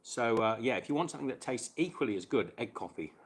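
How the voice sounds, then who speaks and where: A man's voice: mid-range voice, expressive, fast talker, slightly rough. A man hosting a casual live stream chat while cooking, chatting between bites and answering viewers' questions.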